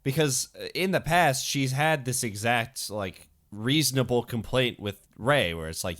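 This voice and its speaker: A man's voice: medium pitch, lively intonation, unhurried, few pauses, fairly bright tone. A young man co-hosting a casual podcast, talking through his thoughts in a rambling, hesitant way with many fillers. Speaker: podcast co-host.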